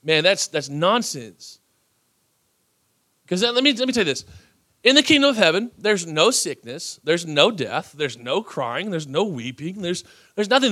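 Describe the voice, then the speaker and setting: A male pastor preaching with animated energy and a fairly high voice. He swings between quiet asides and loud bursts, acting out the people he quotes. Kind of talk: sermon.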